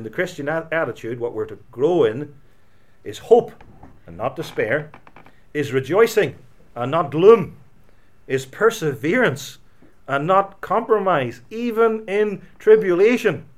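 Dynamic preaching man, loud then hushed. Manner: dynamic preaching, swinging from loud emphatic to quiet and low. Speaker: pastor. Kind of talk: sermon.

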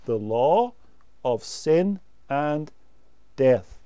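A man delivers a sermon at an unhurried, deliberate pace, pressing his points home by repeating key words. His voice is warm, dark and smoothly resonant. The recording is close and dry. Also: fairly high pitch, big pitch swings, dry recording. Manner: slow, measured doctrinal teaching with emphatic repetition. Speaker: preacher.

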